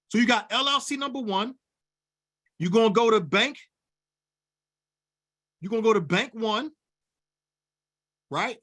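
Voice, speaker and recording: A man's voice: very high voice, sharp tone. A man coaching on business funding, preachy and fired up, repeating lines for emphasis and calling his audience y'all. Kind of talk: fired-up teaching at a whiteboard.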